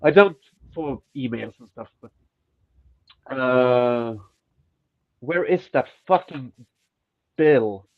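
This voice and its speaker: A man's voice: mid-range voice, extremely slow, long pauses, phone-quality sound. A man co-hosting a podcast in casual chat, ranting and swearing, with a stuffy nose. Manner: profane, ranting, animated. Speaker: podcast co-host.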